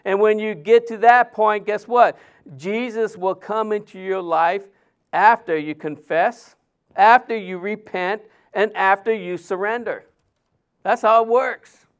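A male pastor, preaching in a conversational way, with many fillers and restarts, dropping his voice softly when he quotes others. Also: high voice, a little slow, clear, resonant tone. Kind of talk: sermon.

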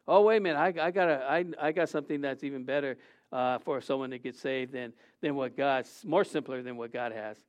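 A man preaching an informal sermon, halting often and asking rhetorical questions. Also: medium pitch, dull audio.

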